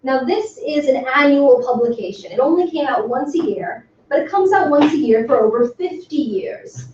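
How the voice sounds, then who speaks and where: A woman giving an academic talk to a workshop audience, speaking with enthusiasm and emphasis and filling pauses with frequent ums. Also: high voice, expressive. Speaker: lecturer. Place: lecture room. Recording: far from the mic in an echoey room, dull and slightly noisy.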